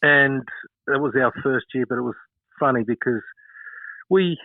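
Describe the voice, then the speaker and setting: A man's voice: mid-range voice, moderate pace, dry recording, phone-quality sound. A man in his fifties with an Australian accent, a former cricketer telling stories in an interview, rambling with many fillers. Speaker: former cricketer, podcast guest. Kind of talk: casual interview storytelling.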